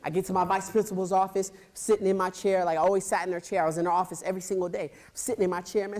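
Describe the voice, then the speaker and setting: A man giving a motivational speech at a high school assembly, acting out scenes with sound effects and quizzing the students. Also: racing, hardly any pauses. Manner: animated storyteller who acts out scenes, makes sound effects and quizzes the crowd. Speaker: motivational speaker.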